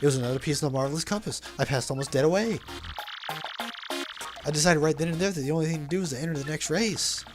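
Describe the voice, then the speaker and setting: A laid-back young man tells a long adventure story in easygoing slang, voiced by a man dubbing a game. The voice sits somewhat high and is backed by faint music. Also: quick pace, natural voice. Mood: storytelling. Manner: casual slangy storytelling, says bro a lot. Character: laid-back young male hero's brother telling a story.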